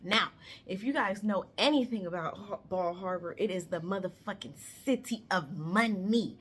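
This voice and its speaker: A woman around thirty telling a story on her vlog in a chatty, animated way, swearing freely and talking straight to her viewers. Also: medium pitch, normal speed, a little hiss or hum.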